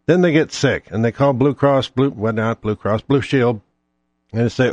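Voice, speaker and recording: A man's voice: medium pitch, moderate pace, darkish tone, dry recording. A man hosting his own show alone, ranting in a profane, sarcastic, rambling way. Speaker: podcast host. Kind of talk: ranting solo monologue.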